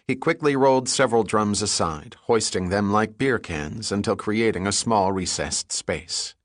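A man reading an audiobook chapter in a steady, measured narration. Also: on the low side, no room sound, clean studio sound. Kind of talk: scripted narration.

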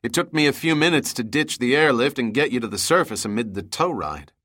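A man's voice: medium pitch, animated, fairly quick, fairly bright tone. A man voicing a determined, resourceful young man who speaks in a solemn, clipped way, in an audiobook reading.

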